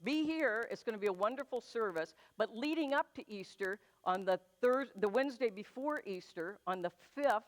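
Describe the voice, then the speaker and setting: A woman minister giving chatty, self-deprecating church announcements, then leading a slow, soothing guided meditation in a church sanctuary. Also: mid-range voice, lively intonation.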